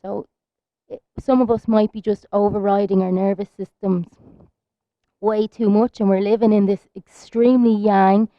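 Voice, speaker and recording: A woman's voice: mid-range voice, flat delivery, moderate pace, no room sound. An Irish woman leading a yoga class, talking through the poses in a soothing, chatty way. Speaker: yoga teacher. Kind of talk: guided yoga class instruction. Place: outdoors in a park. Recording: dull lo-fi sound.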